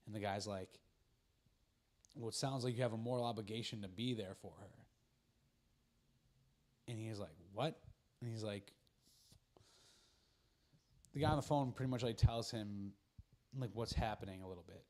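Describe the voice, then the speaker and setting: A man's voice: on the low side, normal speed, pauses often, a little mellow. A man hosting a casual podcast chat, retelling a film's plot in a rambling way, acting out the characters' lines and swearing freely. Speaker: podcast host.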